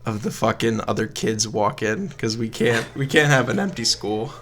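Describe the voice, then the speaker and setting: A man's voice: on the low side, moderate pace, fairly bright tone, slight background noise. A young man co-hosting a comedy podcast, playfully adding absurd twists to an improvised story and laughing often. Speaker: podcast co-host.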